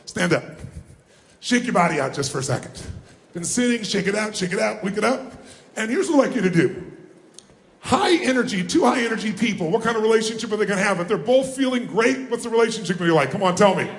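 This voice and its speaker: A man giving a live motivational seminar talk, energetically calling on the crowd to answer and shout back. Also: high-pitched. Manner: energetic, calls on the crowd for responses. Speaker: motivational speaker. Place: large hall with a live audience. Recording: roomy hall sound.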